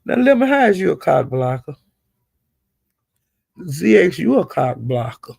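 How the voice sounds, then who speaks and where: A man's voice: a little high, very animated, unhurried, creaky, a little mellow, breathy edge, no echo. A man giving casual, profane gossip commentary on online live streams and scolding the people involved directly. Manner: talks straight to the people discussed.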